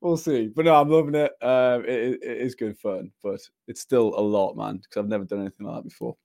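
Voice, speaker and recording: A man's voice: mid-range voice, fairly even intonation, a little fast, vocal fry, darkish tone, dry recording, clean studio sound. A young man, chatting casually on a podcast, rambling and laughing often as he tells stories. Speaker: podcast co-host. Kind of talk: casual chat.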